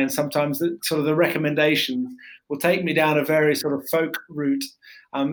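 A man's voice: a little high, poor audio. A man from Australia, a podcast guest talking casually, with many fillers and restarts. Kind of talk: casual interview chat.

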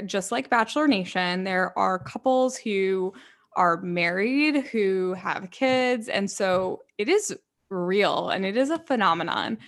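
A young woman co-hosts a podcast in a relaxed, bubbly chat. She fills her talk with likes and ums. Her voice sits at a middle pitch. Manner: chatty, bubbly, many fillers. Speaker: podcast co-host. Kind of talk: casual chat.

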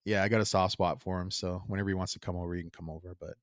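Rambling, low-voiced man telling stories. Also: racing, no echo, studio quality. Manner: rambling, animated storyteller who acts out quotes. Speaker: podcast co-host. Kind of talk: casual chat.

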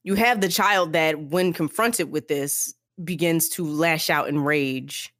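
A low-voiced woman co-hosting a book podcast. She talks in a casual, emphatic way and repeats her points when she gets going. The mic sound is close and dry. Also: slow pace, dry recording. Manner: animated, emphatic, repeats herself. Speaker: podcast co-host.

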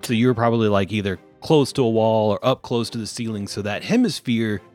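Low-voiced young man as game master. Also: a little mellow, soft background music. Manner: teasing, dry, slows down for dramatic description. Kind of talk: narrating a tabletop game.

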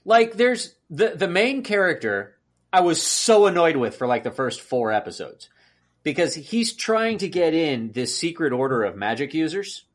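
Animated man ranting on a podcast. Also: fairly high pitch, moderate pace. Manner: animated ranting, acts out exasperated outbursts. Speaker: podcast co-host. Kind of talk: casual chat.

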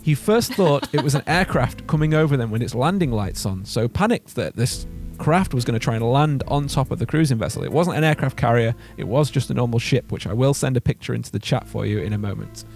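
A man's voice: mid-range voice, expressive, brisk, creaky, few pauses, darkish tone, faint music behind. A man hosting a podcast, telling a story in casual chat, laughing often and restarting words. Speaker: podcast host.

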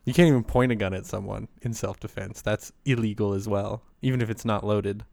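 A man's voice: lowish voice, steady tone, fairly quick, vocal fry, darkish tone, dry recording. A man co-hosting a podcast, telling a story in a laid-back way, swearing freely and laughing often. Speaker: podcast co-host. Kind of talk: casual chat and storytelling.

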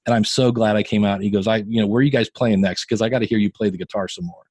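A man's voice: fairly low pitch, very fast, breathy edge, no room sound. Chatty man in his fifties, dry sound. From Northeast Ohio. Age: 50s. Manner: chatty storyteller, animated quoting of others. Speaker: podcaster and guitarist guest. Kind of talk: casual interview chat.

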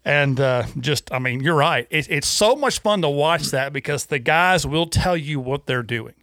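A man co-hosting a casual fishing talk show, animated and rambling, with many restarts. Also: fairly high pitch, normal speed, no echo, clean studio sound. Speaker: co-host.

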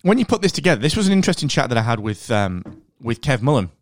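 A man with a Northern English accent hosting a podcast, chatting in an animated, rambling way with plenty of fillers. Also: mid-range voice, fast talker, dry recording, studio quality. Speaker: podcast host. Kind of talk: casual podcast monologue.

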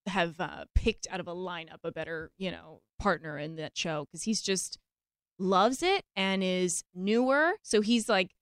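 A young actress chatting as a podcast guest, animated and quick to laugh, with lots of casual fillers. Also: female voice, fairly low pitch, clean tone, no echo, clean studio sound. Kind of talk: casual interview chat.

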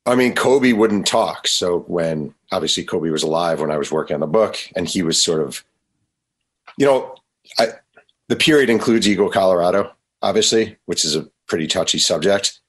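A man being interviewed as an author, telling lively anecdotes and acting out quotes. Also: low-pitched, normal speed, husky. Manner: animated anecdotes, acts out quotes. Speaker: author guest. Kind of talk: storytelling interview.

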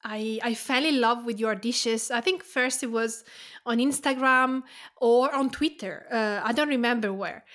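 A woman's voice: fairly high pitch, measured pace, a bit bright. A woman from Tuscany with an Italian accent, hosting a podcast and chatting with enthusiasm, now and then restarting her words. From Tuscany, Italy. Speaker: podcast host. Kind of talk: podcast intro and casual interview chat.

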